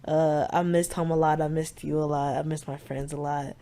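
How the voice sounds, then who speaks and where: A woman's voice: sits low, flat delivery, moderate pace, warm tone. Southern us accent, woman, twenties, podcast co-host, casual chat, frank, swears, says like a lot. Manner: frank and profane, heavy use of "like".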